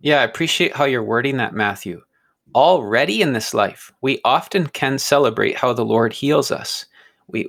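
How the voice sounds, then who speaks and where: Read this as a man explaining scripture to a co-host in a relaxed, earnest way. His voice has a gravelly edge, and he sometimes trips over small words and repeats them before going on. Keep it sincere and unhurried, like teaching someone across the table. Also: mid-range voice. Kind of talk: conversational Bible teaching.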